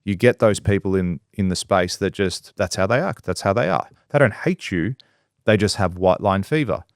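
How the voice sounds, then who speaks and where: Man, business-owner co-host, blunt and foul-mouthed, mid-pitch, dry close sound. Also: moderate pace, dry recording. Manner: blunt and profane, acts out quoted people in lively voices. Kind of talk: casual podcast discussion.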